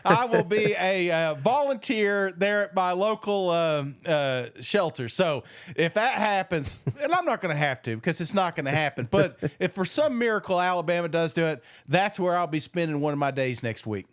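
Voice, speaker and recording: A man in casual podcast chat, talking with boastful, animated energy and cursing freely. His voice sits a little higher than most men's, and the sound is dry and close. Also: normal speed, few pauses, clear, resonant tone, dry recording. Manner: animated, boastful banter with frequent swearing. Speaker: podcast co-host.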